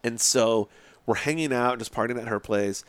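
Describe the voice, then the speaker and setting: A man who works as a hypnotist, telling a story to podcast hosts in a casual, animated way. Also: mid-range voice, moderate pace, clear, resonant tone, no room sound. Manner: animated, acts out other people's lines.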